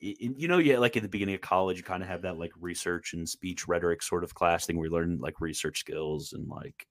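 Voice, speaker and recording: A man's voice: sits low, fast talker, fairly bright tone, dry recording, clean studio sound. A man from Maryland with a Maryland accent, hosting a casual livestream chat in a rambling, laid-back way full of fillers. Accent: Maryland American. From Maryland, USA. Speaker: show host.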